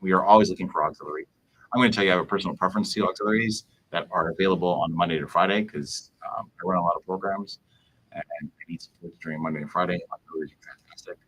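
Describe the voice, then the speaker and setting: A man, a police officer, hosting a casual livestream Q&A, talking in a rambling, halting way full of fillers. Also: deep voice, a bit bright, a little hiss or hum, poor audio.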